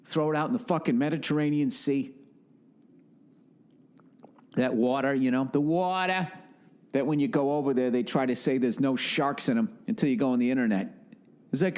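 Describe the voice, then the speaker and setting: A man's voice: medium pitch, moderate pace, pauses often, a little mellow. A man hosting a podcast alone, telling a rambling comic monologue full of sarcasm, swearing and tangents. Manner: profane, sarcastic, tangent-prone. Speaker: podcast host.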